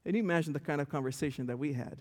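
A male pastor preaching a sermon, telling a story with lively, stammering restarts. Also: a little high, rapid-fire. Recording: long church hall reverb.

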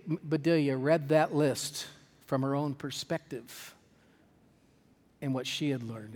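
A man preaching a sermon, reading a children's story aloud and drawing lessons from it in a measured, reflective, earnest way, in a church sanctuary. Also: fairly high pitch. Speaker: pastor. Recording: long hall reverb.

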